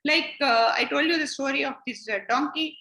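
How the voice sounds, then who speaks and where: Woman teacher, high bright voice, patient explanatory lecture in a roomy, echoey space. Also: moderate pace. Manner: patient, repeats points and retells stories. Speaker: scripture study teacher.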